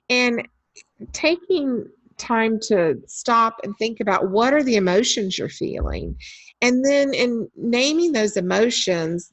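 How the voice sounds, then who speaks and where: A woman's voice: mid-range voice, dry recording. Chatty woman presenting a webinar. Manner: chatty and anecdotal, with frequent ums. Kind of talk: conversational webinar talk.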